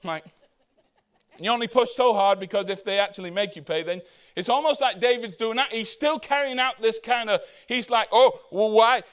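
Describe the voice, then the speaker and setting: A man's voice: very high-pitched, a bit bright. A man preaching a conversational sermon as pastor, asking the congregation rhetorical questions and acting out the Bible characters' words. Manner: acts out the Bible characters' words in quick voices.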